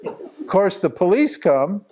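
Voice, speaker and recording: Slow and high-voiced, a man teaches at a spiritual retreat by telling a drawn-out, rambling story full of laughter and restarts. A little hiss or hum sits under the recording.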